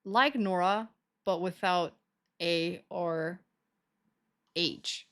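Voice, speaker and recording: A woman's voice: a little high, lively intonation, a little slow, pauses often, fairly bright tone. A woman streamer chatting casually to her live audience, giggling often as she talks. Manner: giggly, laughs often between words.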